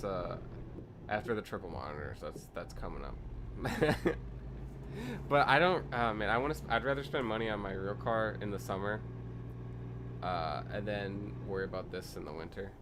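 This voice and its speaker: A young man streaming a truck-driving game from his home setup, chatting casually and telling a heated, profane story. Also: lowish voice. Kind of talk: casual gaming stream chat. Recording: truck engine noise from game. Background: game truck engine and road ambience.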